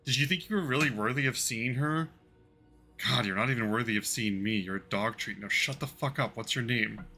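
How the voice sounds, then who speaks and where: A man's voice: mid-range voice, fairly quick, bright, forceful tone, soft background music. A man voicing a cruel, haughty female vampire bride who talks in a mocking, imperious way.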